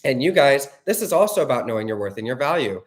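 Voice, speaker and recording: A man's voice: mid-range voice, very animated, fast talker. A man giving a direct-to-camera motivational talk as a relationship coach, blunt, profane and emphatic, often checking in with "okay?".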